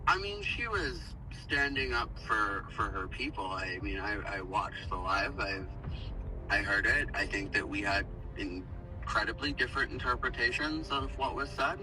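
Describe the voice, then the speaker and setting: A man with a mid-range voice speaks calmly and diplomatically in an online panel. He sounds set back from the microphone, with clear music playing under his voice. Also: fairly low pitch, unhurried. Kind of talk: panel discussion. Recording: distant mic with music over it.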